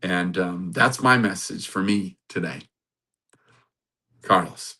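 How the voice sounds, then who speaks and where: A man hosting a podcast, giving a sermon-like Bible talk, animated and laughing often. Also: sits low, slow, long pauses, slightly rough. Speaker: podcast host.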